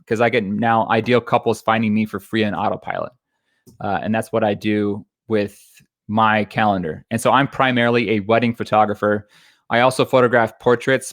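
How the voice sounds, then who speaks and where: A man in his thirties, a photography business coach, giving a quick, conversational webinar talk with frequent fillers and restarts. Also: on the low side, no echo, clean studio sound. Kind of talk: webinar presentation.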